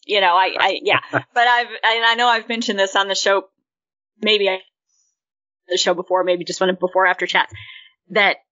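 Bright-voiced woman co-hosting a podcast. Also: mid-range voice, steady tone, moderate pace, pauses often. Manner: hesitant, restarting sentences. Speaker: podcast co-host. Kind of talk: casual podcast chat. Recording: dry, dull lo-fi podcast audio.

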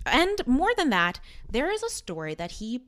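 A woman's voice: fairly high pitch, huge pitch swings, moderate pace, fairly bright tone. A woman co-hosting a podcast, telling a history story casually with many asides. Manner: chatty, with frequent "um" and asides. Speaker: podcast co-host.

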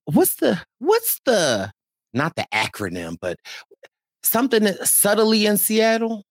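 A man's voice: sits high, huge pitch swings, a little slow, no room sound, studio quality. A young man co-hosting a casual podcast chat, laughing often and hyping upcoming tour dates in a playful way. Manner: laughing, hyped, playful promo delivery. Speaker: podcast co-host promoting live tour.

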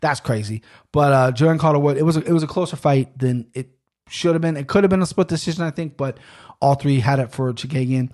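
Man, casual podcast monologue, rambling, fillers, slightly raised pitch. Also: a little fast, darkish tone. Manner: rambling, chatty, frequent fillers and restarts. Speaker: podcast host. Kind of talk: casual solo podcast talk.

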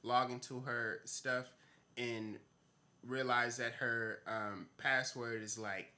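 Rambling, bright-voiced male podcaster. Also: mid-range voice, takes it slowly. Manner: rambling, many fillers and restarts, animated. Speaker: podcast co-host. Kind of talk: casual chat.

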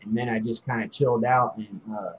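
A man's voice: fairly low pitch, steady tone, fairly quick, slight background noise. A man casually telling a rambling story, laid-back and swearing freely. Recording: dull lo-fi audio.

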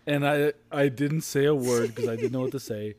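A man in a casual podcast chat, telling a story in a relaxed and amused way. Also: medium pitch, normal speed, a crowd in the background.

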